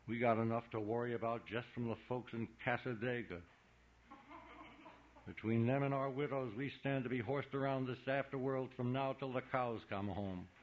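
A man's lightly acted audiobook reading brings to life a blustering small-town man who lectures a boy in folksy, ungrammatical talk, his tone hectoring. His mid-range voice stays steady at a moderate pace, captured in dull lo-fi sound.

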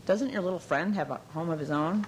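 A woman voicing a gentle, high-strung man who teases his friend dryly. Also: a little fast, a little hiss or hum, lightly acted, low-quality recording. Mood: teasing. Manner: gently teasing, dry.

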